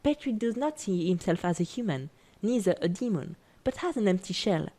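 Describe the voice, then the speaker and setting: A woman narrating a scripted video essay in an even, careful reading voice. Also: mid-range voice, normal speed.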